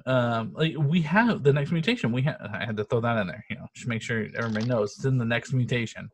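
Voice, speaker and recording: A man's voice: mid-range voice, lively intonation, fast, slight background noise. A man co-hosting a podcast, chatting casually and profanely about a movie, laughing and telling stories with animation. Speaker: podcast co-host. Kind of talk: casual chat reviewing a movie.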